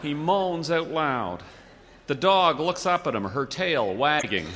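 A man reading a humorous story aloud with wry, measured narration and comic timing. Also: a little high, animated, a bit bright, slight background noise. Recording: reverberant hall.

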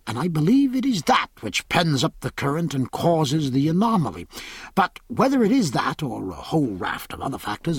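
A man voicing a genial, talkative male ship's surgeon who lectures as he works, in a husky, rather low voice. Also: no room sound, studio quality, heavily acted. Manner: genial, lecturing, fond of snuff. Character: chatty middle-aged male ship's surgeon.

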